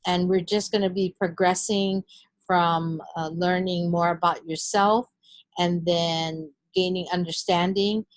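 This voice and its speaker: A middle-aged woman instructor talking through a recorded lesson in a clear, deliberate teaching manner. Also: lowish voice, no echo.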